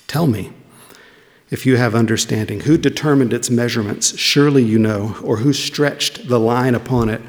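Male preacher, mid-pitched and gravelly, conversational sermon, echoing hall. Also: moderate pace. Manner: conversational, asking the listeners questions. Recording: long reverb of a large hall.

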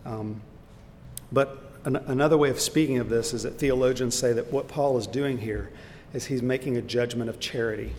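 Man leading a church Bible class, mid-pitched, earnest and explanatory, echoey hall with faint background rumble. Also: moderate pace, a little mellow. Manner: earnest, explanatory, with fillers and restarts. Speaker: Bible teacher. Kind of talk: Bible study lesson.

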